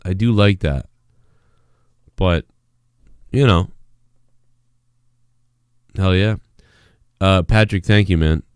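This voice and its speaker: Man, live-stream host, rambling casual chat, low smooth voice, dry close sound. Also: big pitch swings, normal speed, pauses often, no echo. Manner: rambling, swears freely, reads chat messages aloud.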